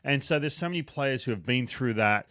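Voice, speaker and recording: A man's voice: mid-range voice, expressive, brisk, pushed and bright, dry recording, studio quality. A man in his thirties with an Australian accent, chatting casually and self-deprecatingly in an interview. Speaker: retired pitcher, baseball analyst. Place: home basement.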